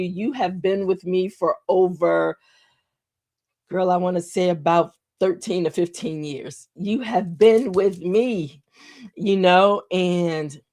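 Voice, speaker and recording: A woman's voice: on the low side, darkish tone. A middle-aged woman hosting a live morning show, speaking from the heart to viewers and repeating phrases for emphasis. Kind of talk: live-stream talk to viewers.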